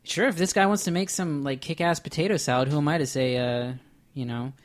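A man's voice: a little high, steady tone, fairly quick. A man co-hosting a casual movie podcast, wry and easygoing. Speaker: podcast co-host. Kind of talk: casual chat.

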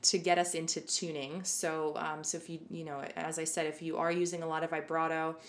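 A woman's voice: low-pitched, little pitch movement, brisk. Chatty woman teaching violin. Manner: conversational, many fillers and restarts. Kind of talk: casual spoken music lesson.

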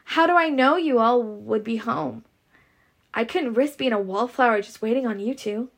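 Woman doing a coy spoiled southern belle girl, slightly high voice, bit gravelly. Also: normal speed. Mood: teasing.

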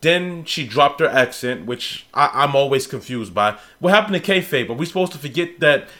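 An opinionated man co-hosting a casual podcast. His voice sits at an ordinary middle pitch, and he climbs into exasperated, insistent rants when he argues a point. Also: expressive, normal speed, sharp tone. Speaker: podcast co-host. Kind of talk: casual wrestling talk.

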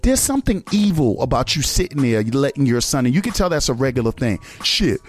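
A male radio host delivers an indignant, profanity-laced rant. His pitch swings widely as he fires off one rhetorical question after another, and faint music plays underneath. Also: sing-song, fast talker, a little mellow. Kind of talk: ranting commentary on a video clip.

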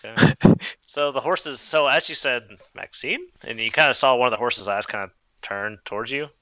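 A man narrating a tabletop game as game master, halting, with many fillers and restarts. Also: mid-range voice, fairly bright tone, clear, resonant tone, no echo, low-quality recording.

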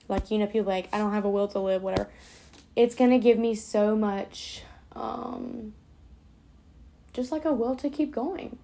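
A woman's voice: fairly high pitch, darkish tone. A young woman vlogging in a casual, rambling way, swearing now and then as she chats. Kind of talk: casual chat to camera.

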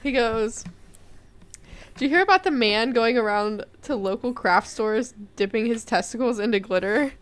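A woman's voice: fairly high pitch, moderate pace, clear, resonant tone. A young woman in casual chat, amused and laughing as she tells stories.

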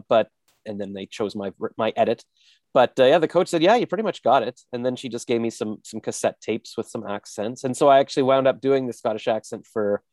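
A man's voice: fairly low pitch, no room sound. A man in casual conversation, telling stories and now and then slipping into character voices. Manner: animated storyteller, slips into character voices. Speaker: voice actor. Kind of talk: casual chat.

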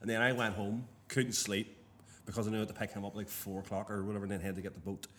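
Fast-talking man. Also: lowish voice, little pitch movement, a little hiss or hum. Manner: rapid, rambling storyteller. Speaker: touring musician guest. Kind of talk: casual storytelling chat.

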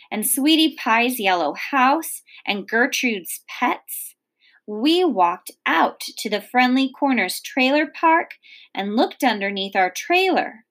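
A woman teacher reading a children's novel aloud in an expressive storybook manner. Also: a little high.

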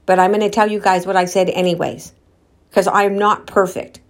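A woman vlogger telling a personal story while out walking, candid and animated, quoting what people said and talking to her viewers directly. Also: mid-range voice, moderate pace. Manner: candid, animated retelling with quoted dialogue; addresses viewers directly as guys.

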